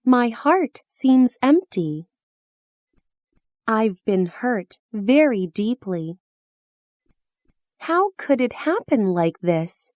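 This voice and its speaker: A woman reading practice phrases slowly and carefully for language learners, each line delivered clearly and deliberately. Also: a little high, very animated, a little mellow, dry recording, clean studio sound. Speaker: phrase reader.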